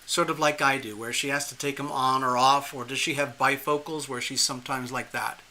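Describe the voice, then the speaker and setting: A man reading tarot live for a viewer, talking in a rambling, animated way with frequent restarts and chuckles. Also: mid-range voice, brisk. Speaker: tarot reader hosting a live stream.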